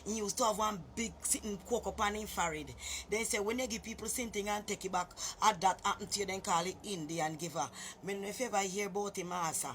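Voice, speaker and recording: A woman's voice: medium pitch, quick pace, a bit bright, slight background noise. A woman with a Jamaican accent telling a story casually to her viewers, chatty and often calling listeners "boy" or "master".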